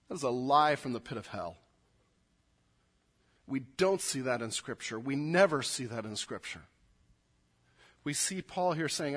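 A man preaching a sermon, moving from quiet, low asides to loud, emphatic readings of scripture. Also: animated, measured pace, pauses often. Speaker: pastor.

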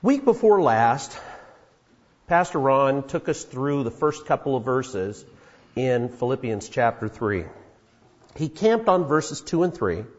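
A man's voice: medium pitch, big pitch swings, slow. A man in his fifties preaching a sermon, telling a story in a folksy way with many fillers. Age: 50s. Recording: dull sound in an echoey hall.

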